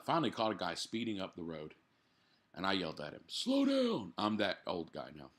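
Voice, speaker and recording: Drinking as he goes, a podcast host reads a news article in his living room and stops for blunt, profane commentary. His deep voice comes across pushed and bright.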